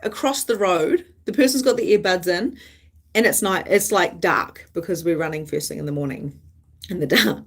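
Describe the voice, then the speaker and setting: A woman's voice: on the low side, moderate pace, husky. A woman psychic medium hosting a live stream, chatting casually in a rambling, candid way and swearing freely.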